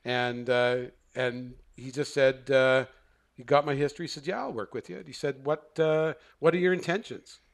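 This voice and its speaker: In a creaky, medium-pitched voice at normal speed, a middle-aged counselor tells a story as a podcast guest. He's animated and voices the quoted dialogue, restarting often and using many fillers.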